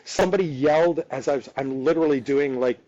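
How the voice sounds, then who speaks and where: A man in his fifties, a podcast guest, telling stories in a casual, excitable way, tumbling over his own restarts. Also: a little high, fast talker, lo-fi sound. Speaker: podcast guest, dance dad. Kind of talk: casual storytelling chat.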